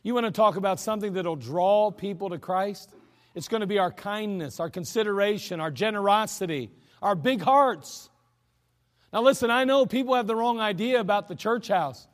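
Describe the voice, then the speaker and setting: Male pastor with a high voice, folksy and emphatic sermon delivery, long hall reverb. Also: normal speed. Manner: folksy, chuckling asides, emphatic scripture reading.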